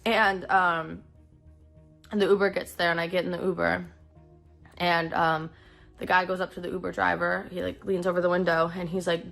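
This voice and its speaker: A young woman with a lowish voice full of vocal fry tells a painful personal story. She talks haltingly, stopping and restarting, her voice heavy with emotion. Faint music sits under her. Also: flat delivery, a bit bright.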